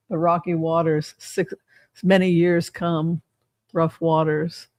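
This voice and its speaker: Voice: mid-range voice, level tone, slow pace, darkish tone, dry recording. An older tarot reader giving a casual reading, rambling and sarcastic, swearing freely.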